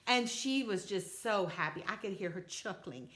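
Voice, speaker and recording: An older woman telling a children's story, animated and sing-song, talking straight to the kids. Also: medium pitch, normal speed.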